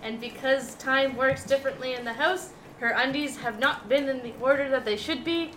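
A woman's voice: high voice, moderate pace, fairly bright tone, a little hiss or hum, low-quality recording. A woman playing in a tabletop game, chatty and giggly. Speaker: tabletop player. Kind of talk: casual chat.

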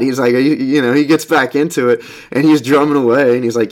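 A young man in casual talk, retelling a movie scene by scene with plenty of swearing and fillers. He restarts sentences constantly and slips into the characters' lines, even humming the drum beats, with a voice of ordinary pitch for a man. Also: brisk. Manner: rambling, profane, full of fillers and restarts. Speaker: film commentator. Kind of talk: casual retelling of a film plot.

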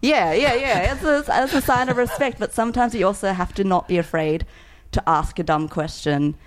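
A woman, a food writer, chatting on a podcast and telling a rambling story, quick to laugh and full of "like". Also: mid-range voice.

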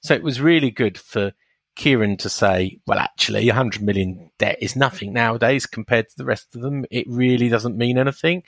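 A man's voice: medium pitch, a little fast, fairly bright tone, dry recording. A man from England co-hosting a casual podcast, easygoing and playfully insistent. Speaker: podcast co-host. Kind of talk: casual chat.

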